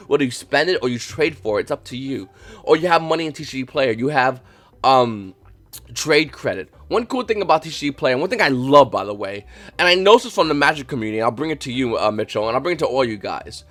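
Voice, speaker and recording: A man talks to his viewers at a quick clip, giving casual advice. He rambles, restarts sentences and lands on emphatic points, sometimes acting out short exchanges. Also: medium pitch. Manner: rambling, with many restarts and fillers; emphatic and animated, acts out little dialogues. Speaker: channel host.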